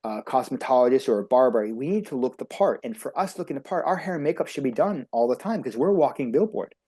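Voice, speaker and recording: A talkative man speaks as a guest coach, his delivery quick and emphatic. His voice has a warm, mellow tone. He rushes from point to point with motivational energy. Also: medium pitch, lively intonation, husky. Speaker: beauty industry coach, podcast guest.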